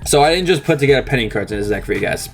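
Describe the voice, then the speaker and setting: Upbeat young man, lively voice. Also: medium pitch, racing, creaky, soft background music. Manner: upbeat, chatty, explains step by step. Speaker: card game channel host. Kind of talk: casual deck profile walkthrough.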